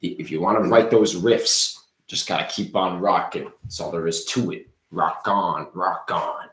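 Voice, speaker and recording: A man's voice: deep voice, fairly even intonation, unhurried, fairly bright tone, echoey room, low-quality recording. A man voicing Rockin' Ricky, a brash male rock keyboardist showman, boastful and hyped, in improv comedy. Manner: boastful, hyped, sound-effect heavy.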